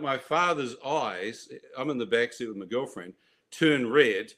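A man telling his personal faith testimony in an animated way, acting out voices and laughing at his own story. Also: medium pitch, a little slow.

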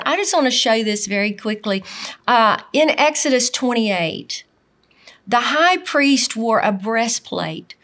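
A middle-aged woman preaching a sermon at a slow, deliberate pace. Her voice sits a little high. She speaks earnestly and with emphasis, circling back to repeat key phrases. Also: a bit bright.

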